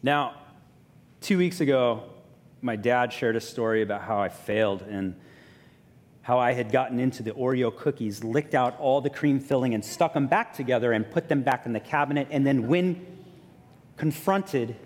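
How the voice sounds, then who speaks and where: Pastor storytelling in a reverberant hall. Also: male voice, medium pitch, moderate pace. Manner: lively storyteller, self-mocking, voice drops soft and quiet for reflection. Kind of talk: sermon storytelling. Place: church sanctuary.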